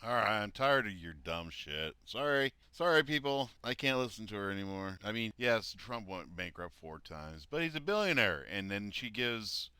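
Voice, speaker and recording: A man's voice: fairly low pitch, expressive, moderate pace, hardly any pauses, bright, forceful tone, clean tone, no echo. A man giving angry, mocking reaction commentary, exasperated and swearing as he rebuts a video.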